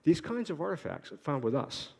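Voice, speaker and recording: A middle-aged man from Boston giving an academic conference lecture, quick-talking with restarts and wry asides to himself. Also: fairly high pitch, very animated, vocal fry, darkish tone. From Boston, United States. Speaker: conference speaker, archaeologist. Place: lecture hall. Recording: long hall reverb.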